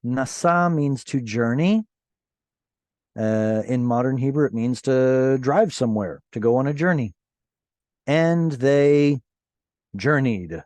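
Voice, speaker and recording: A man's voice: mid-range voice, slow pace, long pauses, a little mellow, no room sound. A man teaching a language class online over a video call, patiently explaining word by word and correcting himself as he goes. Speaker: Hebrew teacher.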